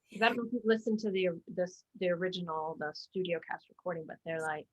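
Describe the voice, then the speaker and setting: A woman chats as a guest in a relaxed interview, her talk full of fillers, restarts and quick asides. Her voice sits at an ordinary middle pitch. The recording sounds a little dull and muffled. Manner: chatty, many fillers and restarts. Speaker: guest, musical theater actor. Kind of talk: casual interview chat.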